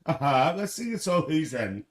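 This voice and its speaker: A man's voice: a little high, sing-song, normal speed, recorded from a distance. A man playing a cheeky, gossipy older auntie, hosting a live stream and calling everyone dear. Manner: gossipy, calls everyone dear, laughs often. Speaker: livestream host. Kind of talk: live stream chat in character.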